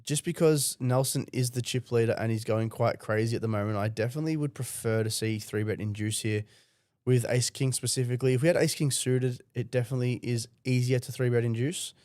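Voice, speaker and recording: A man with a mid-range voice talks through poker strategy in a relaxed, analytical way. His voice is close and dry, with no echo. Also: medium pitch, brisk. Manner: analytical, casual, explains plays. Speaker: poker commentator. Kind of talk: live poker strategy commentary. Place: commentary booth.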